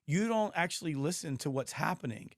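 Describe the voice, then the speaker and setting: A man hosting a podcast interview, hoarse, talking emphatically and telling stories with frequent restarts. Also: fairly high pitch, expressive, fairly quick, no room sound, clean studio sound. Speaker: podcast host. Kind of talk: casual interview chat.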